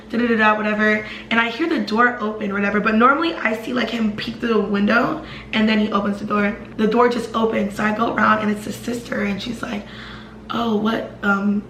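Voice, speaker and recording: A young woman rattles through a personal story in a fast, chatty storytime style, packed with fillers and asides. Her voice is bright and sits a little high. The room gives it a roomy echo. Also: slight background noise. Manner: fast, animated, lots of fillers. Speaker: vlogger telling a personal story. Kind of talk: casual storytime.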